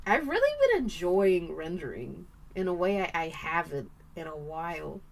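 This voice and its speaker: A woman's voice: lowish voice, big pitch swings, normal speed, gravelly, hardly any pauses. A woman chatting casually on a live stream while she draws, playful and chatty, thanking viewers and humming little tunes as she works.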